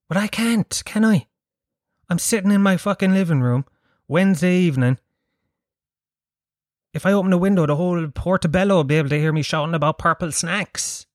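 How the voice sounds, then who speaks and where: A man's voice: a little high, normal speed, long pauses, dry recording, clean studio sound. Rambling, sweary Irish man in his thirties. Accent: Irish, Dublin. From Ireland. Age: 30s. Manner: rambling, sweary, self-mocking. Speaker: podcast host. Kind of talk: casual solo podcast monologue. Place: his sitting room at home.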